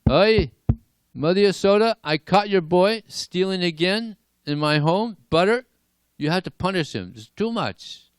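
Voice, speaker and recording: A man putting on a shrill, scolding village woman with a high, strained voice. She complains loudly and indignantly. The sound is dry and close. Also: animated, a little slow, clear, resonant tone, dry recording. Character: loud complaining village woman, middle-aged.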